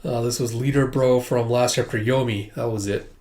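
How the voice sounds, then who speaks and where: A man's voice: mid-range voice, fairly even intonation, moderate pace, a little mellow. A man hosting a manga reaction video, rambling casually and swearing often.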